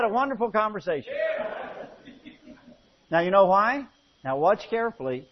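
A man's voice: high-pitched, sing-song, moderate pace, long pauses. A man preaching a sermon, telling folksy, humorous stories and often restarting his phrases. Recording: dull lo-fi recording.

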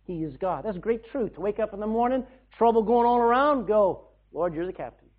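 A man preaching a sermon, telling stories with loud bursts and hushed asides. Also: high-pitched, fairly quick. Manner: animated storytelling, shouting bursts and hushed asides. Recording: tinny phone-like sound.

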